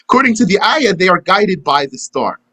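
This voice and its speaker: A man's voice: sits high, sing-song, fairly quick, sharp tone, rough recording. A man teaching a live religious lesson and answering questions, talking conversationally and acting out imagined back-and-forth dialogues. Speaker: Islamic teacher.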